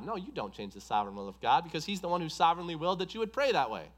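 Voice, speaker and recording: A man's voice: very animated, racing. Emphatic man preaching a sermon. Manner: emphatic, repetitive preaching cadence, rising in pitch for emphasis.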